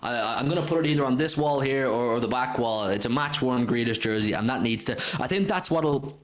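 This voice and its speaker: A man's voice: medium pitch, a little fast. A man hosting a casual football fan livestream, reading out viewers' comments and swearing now and then. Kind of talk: casual live-stream chat.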